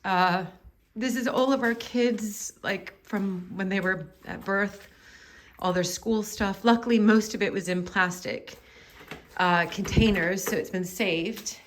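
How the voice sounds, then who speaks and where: With a slight hiss or hum on the handheld camera's audio, an American woman narrates a casual vlog from an indoor cellar. Her medium-pitched voice is measured in pace, and she rambles emotionally and apologetically as host.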